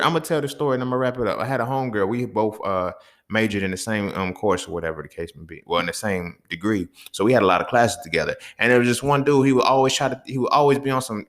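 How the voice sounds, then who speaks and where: A man's voice: medium pitch, a bit bright. A young man hosting a podcast, talking blunt and fired up in a profane, casual monologue. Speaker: podcast host.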